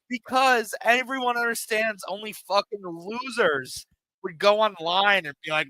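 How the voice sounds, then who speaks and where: Bright-voiced, rambling male streamer. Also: high-pitched, normal speed, dry recording, poor audio. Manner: rambling, profane, emphatic. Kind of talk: casual live-stream rant.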